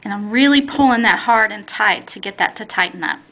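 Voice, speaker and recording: A woman's voice: medium pitch, brisk, sharp tone, low-quality recording. A woman teaching a beading technique step by step, talking plainly and patiently and correcting herself as she works with her hands. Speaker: beading instructor. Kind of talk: step-by-step craft tutorial.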